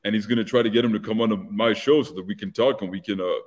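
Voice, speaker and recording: A male host with a fairly low voice tells a casual story. He talks in a chatty way and acts out each quoted exchange as he goes. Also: steady tone, racing. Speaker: show host. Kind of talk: casual anecdote telling.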